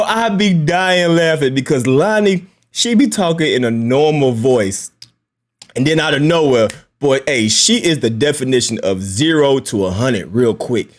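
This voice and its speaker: A man's voice: mid-range voice, expressive, a little slow. A man hosting a casual commentary video, talking in loose, joking slang. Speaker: YouTube commentary host.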